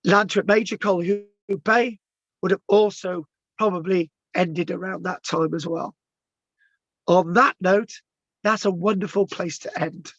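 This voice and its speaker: A man's voice: sits high, fairly even intonation, unhurried, fairly bright tone, no echo, dull audio. A man with a strained, tired voice, giving a rambling informal history talk and stumbling over place names. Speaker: local history presenter.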